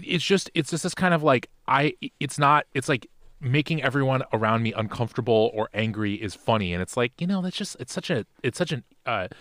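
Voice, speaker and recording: A man's voice: on the low side, a bit bright, dry recording, clean studio sound. A man co-hosting a casual podcast chat, talking in an impassioned, rambling way with many restarts. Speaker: podcast co-host.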